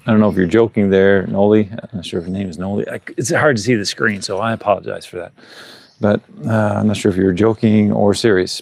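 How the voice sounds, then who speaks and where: Speaking through a clip-on mic, a middle-aged man has a fairly low, gravelly, slightly mellow voice. He's live-vlogging outside on a rural building site, rambling in casual chat and chuckling between thoughts.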